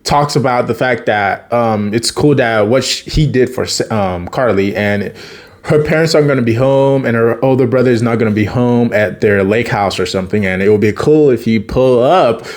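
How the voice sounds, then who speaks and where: A man's voice: medium pitch, normal speed. A man casually retelling a TV episode, chatty, laughing often and acting out the characters' lines. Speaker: TV episode recapper.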